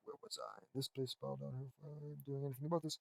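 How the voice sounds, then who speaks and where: A man's voice: medium pitch, fairly even intonation, fast talker, vocal fry, no echo. A man reading a fan fiction story aloud, breaking off into sarcastic, swearing asides. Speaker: audiobook reader.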